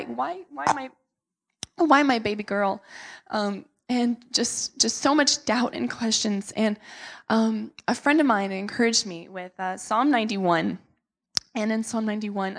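Earnest young woman with a gravelly edge. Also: medium pitch. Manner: earnest, emotional, many fillers. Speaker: missionary speaker. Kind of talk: testimony talk to a church.

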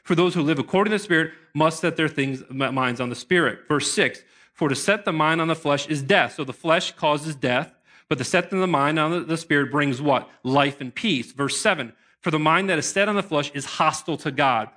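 A man's voice: on the high side, a little fast. A man preaching a sermon to his congregation in an earnest manner. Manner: earnest preaching, bursts into excited shouts. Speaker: pastor.

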